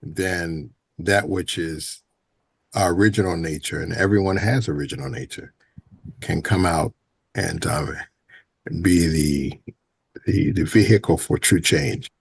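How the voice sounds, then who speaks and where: A man hosting a reflective panel discussion, speaking haltingly and repeating words as he searches for them. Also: deep voice, vocal fry, slightly rough, no room sound. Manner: halting, repeats words, soft trailing asides.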